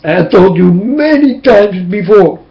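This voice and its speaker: Man, Dutch first language, high voice, slow impassioned preaching, dull webcam sound. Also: expressive. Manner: impassioned, tearful, repetitive preaching. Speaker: webcam speaker. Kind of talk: emotional webcam monologue. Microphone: webcam mic.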